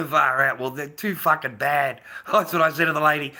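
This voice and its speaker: A man's voice: medium pitch, normal speed, few pauses, sharp tone. A middle-aged man, ranting bluntly and profanely on a casual livestream, rambling with stammered restarts. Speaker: livestream host.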